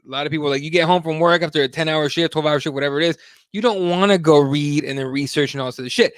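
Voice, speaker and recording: A man's voice: fairly high pitch, very fast, no echo, clean studio sound. A man hosting a live talk show, rambling and swearing a lot in a heated, casual chat. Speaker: host.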